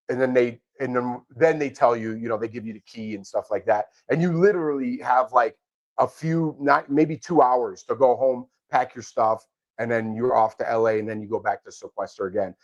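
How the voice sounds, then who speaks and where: A man's voice: medium pitch, normal speed, muffled recording. A middle-aged man co-hosting a casual live chat about a reality show, telling rambling, sentimental stories. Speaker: co-host of a reality TV podcast.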